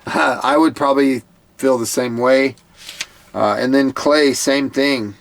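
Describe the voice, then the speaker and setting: Man, casual commentator, mid-pitched, earnest and heartfelt, stumbles over repeated words. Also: steady tone, slow, vocal fry, dry recording. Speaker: TV show commentator.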